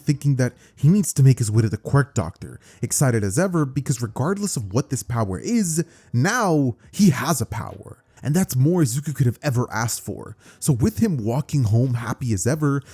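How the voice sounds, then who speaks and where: A man's voice: medium pitch, dark tone. A man telling a fan-made story in a casual, rambling, conversational way, with plenty of fillers.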